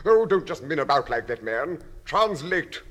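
An actor playing a blustering, bigoted English diner with a pompous, sneering manner in a comedy sketch. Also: male voice, on the high side, big pitch swings, moderate pace, a bit bright.

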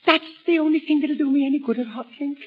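A woman's voice: sits high, quick pace, lightly acted. An actress playing a fussy, hypochondriac old mother in a comic sketch, whining and self-pitying. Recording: tinny, phone-like old recording.

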